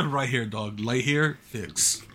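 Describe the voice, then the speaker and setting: A man co-hosting a casual podcast chat, animated and laughing often. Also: mid-range voice, takes it slowly, background noise. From United States. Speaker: podcast co-host.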